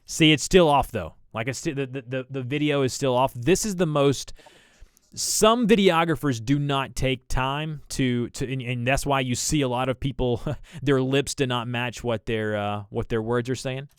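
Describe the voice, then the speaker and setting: A man's voice: medium pitch, moderate pace, clean tone, no echo, clean studio sound. A young man with a Southern American accent, chatting casually with viewers on a livestream while he edits video, rambling and restarting his sentences. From Southern United States. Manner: chatty, thinks aloud, frequent restarts and fillers. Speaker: livestream host.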